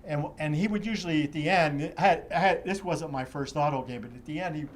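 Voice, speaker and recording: A man's voice: a little high, fast talker, a little hiss or hum. An older man, a guest in an interview, telling long, vivid stories with many restarts. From Pittsburgh area. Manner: vivid, rambling reminiscence with restarts. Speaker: interview guest, charity executive director. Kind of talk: animated storytelling in an interview.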